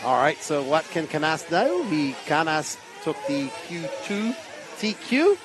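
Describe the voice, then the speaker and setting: A man co-commentating a model car race, briskly reading out drivers and heats. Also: on the high side, very animated, music in the background. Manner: brisk, reads out names and lists.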